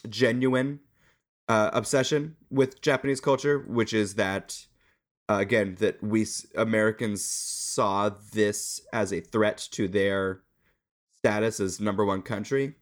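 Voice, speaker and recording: A man's voice: on the low side, fairly even intonation, unhurried. A man in a casual podcast chat, building thoughtful points with long asides. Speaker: podcast co-host.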